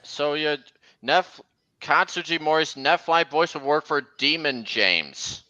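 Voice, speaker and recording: A man's voice: fairly high pitch, slow, sharp tone, dull audio. A man hosting a casual stream, chatting over video clips and pointing out details to his viewers. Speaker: stream host.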